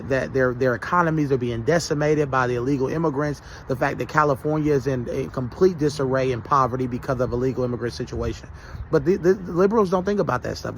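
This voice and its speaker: A man's voice: mid-range voice, a little hiss or hum. A man giving heated political commentary, often stumbling and repeating words.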